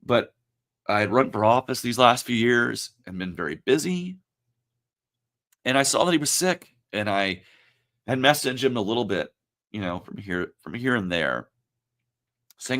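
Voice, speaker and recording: A man turning forty, hosting his own livestream and talking in a reflective, halting, emotional way, with many pauses and fillers. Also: medium pitch, expressive, a bit bright. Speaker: livestream host. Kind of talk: casual livestream talk.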